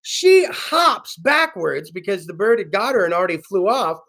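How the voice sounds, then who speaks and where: Man, talk show host, casual profane storytelling, slangy, lively swooping pitch. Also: moderate pace, gravelly. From California. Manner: animated, slangy, profane, bursts into whoops.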